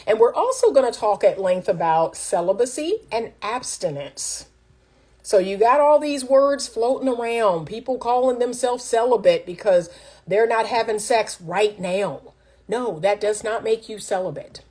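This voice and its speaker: A woman's voice: mid-range voice, a little slow, mellow, husky. A middle-aged woman coaching on relationships in a casual livestream, speaking directly and like a teacher to her viewers. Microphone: phone livestream.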